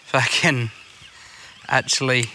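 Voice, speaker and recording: A man's voice: medium pitch, steady tone, slow, sharp tone, slight background noise. A man telling sweary, rambling stories in casual chat. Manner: sweary storytelling.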